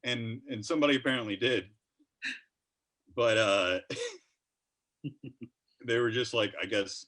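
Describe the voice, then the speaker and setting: A man's voice: medium pitch, unhurried, long pauses, a bit bright. A man doing a rambling, profane comedy roast set with jokey asides.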